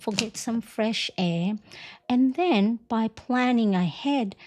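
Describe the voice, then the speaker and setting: A woman's voice: medium pitch, dark tone. Chatty woman vlogger on a livestream. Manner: chatty, tags lines with "right?" and "you know". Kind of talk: casual chat.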